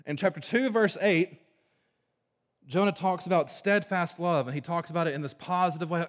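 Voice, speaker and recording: A man preaching a sermon to a congregation, moving between forceful emphasis and hushed, low passages. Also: moderate pace. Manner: dynamic preaching, swinging from loud emphasis to hushed low tones. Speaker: pastor. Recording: long reverb of a large hall.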